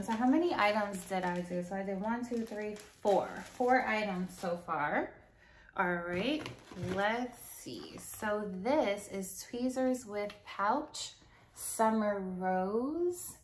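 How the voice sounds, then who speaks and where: A woman vlogger unboxing a subscription box, gushing and excitable, repeating how cute and exciting each item is. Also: medium pitch, a little hiss or hum. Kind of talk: casual unboxing chat.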